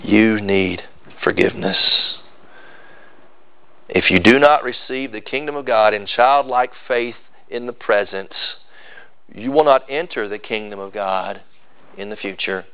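A man's voice: fairly low pitch, measured pace, clean tone, muffled recording. A male pastor, preaching a sermon with emphatic, building repetition.

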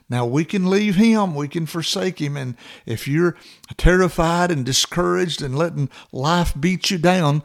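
A man preaching a sermon, earnest and exhorting, building to emphatic repeated phrases. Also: fairly high pitch.

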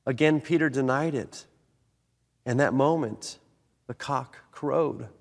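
Male pastor, mid-pitched voice, dramatic dynamic swings, long hall reverb. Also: takes it slowly, vocal fry. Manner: animated, swings between loud emphasis and soft low delivery. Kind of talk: sermon.

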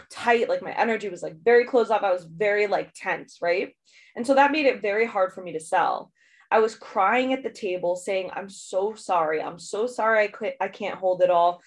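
A woman business coach speaking candidly in a solo podcast monologue, chatty with frequent "like" and "right?" asides and easy laughter. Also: medium pitch.

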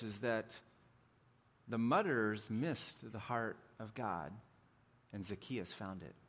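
Middle-aged man, pastor, relaxed chatty sermon with self-deprecating humor. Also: lowish voice, breathy edge. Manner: joking, conversational, self-deprecating.

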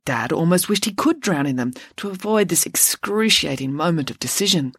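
Casting: woman, lower voice, cozy bedtime storyteller, dry close mic. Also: normal speed, slightly rough, dry recording. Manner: relaxed, chatty. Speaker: podcast host and author reading her book.

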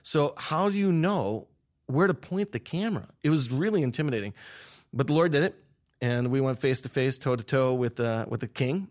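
Young male interview guest, lively storyteller, mid-pitch, restarts often, laughs through his story. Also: moderate pace. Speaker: guest filmmaker. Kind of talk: animated storytelling.

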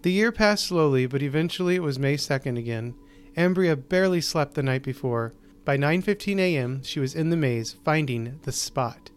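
A man hosting and narrating a short story, reading in a measured, deliberate way with slowed pauses. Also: a little high, expressive. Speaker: host and narrator.

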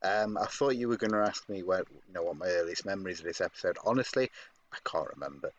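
A man's voice: low-pitched, quick pace. A man co-hosting a casual podcast, hesitant, with many ums and restarts. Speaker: podcast co-host. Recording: dull lo-fi mic with faint noise.

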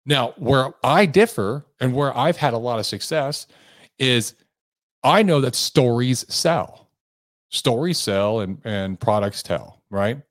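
A man's voice: medium pitch, expressive, slow, fairly bright tone, dry recording, studio quality. A man hosting a sales coaching podcast, talking earnestly and with emphasis. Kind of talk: motivational podcast monologue.

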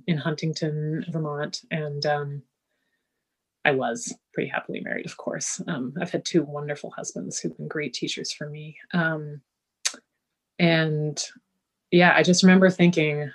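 A woman's voice: deep voice, a little slow. A middle-aged woman, a healer and guest, telling a personal story in a casual interview and acting out the things people said. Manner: lively storyteller who acts out quoted speech.

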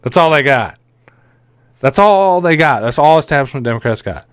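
A man's voice: fairly high pitch, expressive, moderate pace, no echo, studio quality. A man hosting a political podcast, ranting sarcastically and swearing often. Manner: sarcastic, profane, mocking. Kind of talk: casual ranting commentary.

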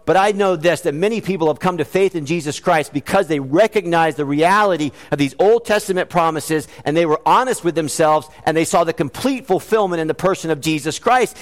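A man preaching a sermon in a church, earnest and animated, mixing scripture references with joking asides. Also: a little high. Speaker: pastor. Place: church sanctuary. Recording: long hall reverb.

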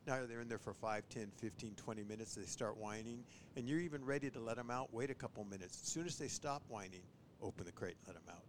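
A man who trains bird dogs, chatting on a podcast and giving tips, who often acts out owners and dogs in a higher voice. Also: fast talker, hardly any pauses, slight background noise. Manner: animated, mimics owners and dogs in a high voice. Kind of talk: casual podcast chat.

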